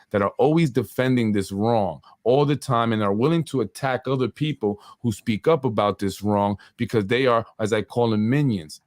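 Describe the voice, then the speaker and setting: A man's voice: mid-range voice, no echo, studio quality. A man hosting a political talk show, indignant and full of rhetorical questions. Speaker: host.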